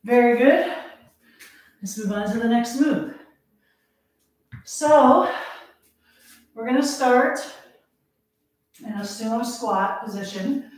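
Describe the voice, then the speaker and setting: A woman's voice: on the high side, slow, pauses often. A woman fitness instructor leading a live workout, counting reps aloud, out of breath and laughing at herself. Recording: echoey room, voice from a distance.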